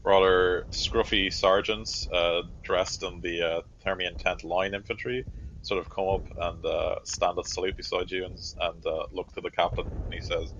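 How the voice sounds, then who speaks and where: A man with a very deep voice narrates a tabletop game as game master, describing the scene in a loose, easygoing way full of "sort of" and "you know". The recording is slightly dull and lo-fi, with a faint hiss behind it. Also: fairly even intonation, moderate pace, fairly bright tone.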